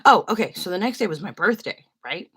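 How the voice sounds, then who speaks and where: A young woman with a slightly low voice tells a story on a casual livestream. She rambles chattily from one point to the next, with plenty of filler words along the way. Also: animated, fairly quick, fairly bright tone, breathy edge. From San Francisco.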